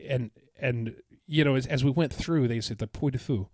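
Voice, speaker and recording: Guy cohosting a podcast, rambling excited travel story, dry close mic. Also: medium pitch, moderate pace, no echo. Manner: storytelling, enthusiastic, with many restarts. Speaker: podcast co-host. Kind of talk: casual chat.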